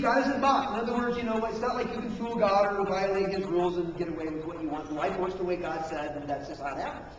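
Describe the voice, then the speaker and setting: A man's voice: very high-pitched, slight background noise. A middle-aged male pastor preaching a conversational sermon, acting out little inner dialogues. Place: church sanctuary. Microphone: camcorder from the back of the room. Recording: distant echoey hall camcorder recording.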